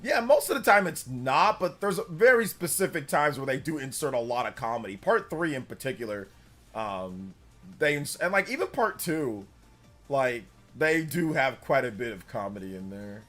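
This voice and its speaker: A young man chatting casually on a live stream, animated, laughing often and breaking into high character voices. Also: moderate pace, faint music behind.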